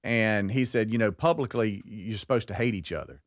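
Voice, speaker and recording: A man with a fairly low voice trades jokes and stories with his co-hosts on a live radio show. The studio mic sounds dry and close. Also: moderate pace, dry recording. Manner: joking, storytelling. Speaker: co-host. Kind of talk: casual radio show banter.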